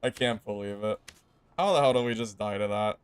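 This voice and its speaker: A young man commenting casually while playing a game, swinging between loud laughing disbelief and low exasperated muttering. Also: fairly quick, smooth. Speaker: game streamer.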